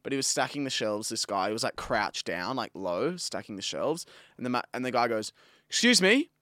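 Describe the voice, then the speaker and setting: A young Australian man talks casually in a middle-pitched voice, relaxed and full of slang. The sound is dry and close to the mic, with no room heard. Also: brisk, dry recording. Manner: laid-back storytelling with slang and fillers. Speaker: podcast co-host. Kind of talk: casual chat.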